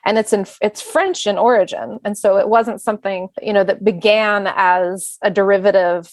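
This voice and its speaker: A woman who is a singer and bandleader, chatting as a guest in a relaxed, reflective way. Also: mid-range voice, normal speed, no echo. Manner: chatty, reflective, speeds up when listing plans. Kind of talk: casual conversation.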